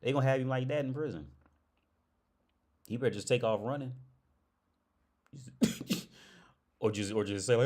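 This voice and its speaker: A young man hosting a casual livestream, swearing freely and breaking into loud laughs. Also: medium pitch, normal speed, long pauses. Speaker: livestream host.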